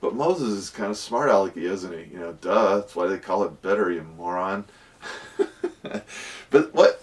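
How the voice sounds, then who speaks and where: A man with a fairly low voice teaches a casual Bible lesson. He tells the stories with lively energy and acts out voices along the way. The mic sits a little away from him. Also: moderate pace, far from the mic. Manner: lively storytelling, acting out voices of characters.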